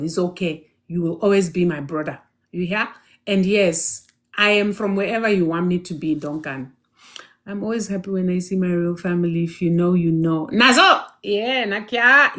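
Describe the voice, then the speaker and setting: A woman hosting a live question and answer stream on spirituality. She talks in a lively way, laughs often, calls viewers by name and answers their questions emphatically. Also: on the low side. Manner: reads questions aloud and answers them emphatically.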